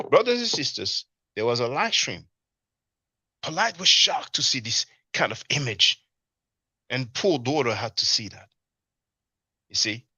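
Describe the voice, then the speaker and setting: Scornful guy reacting to a stream n reading chat, sharp voice, dry lo-fi sound. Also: mid-range voice, no room sound. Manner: scornful, mocking, repeats "you see?". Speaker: commentator reacting to a live stream. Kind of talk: casual commentary with chat reading. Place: abroad in Europe.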